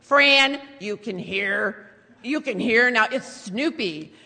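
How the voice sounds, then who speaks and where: A woman voicing her elderly father, a sarcastic man who shouts in exasperation. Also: very high voice, extremely slow, vocal fry, long reverb tail, full character voice. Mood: exasperated. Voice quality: loud shouting.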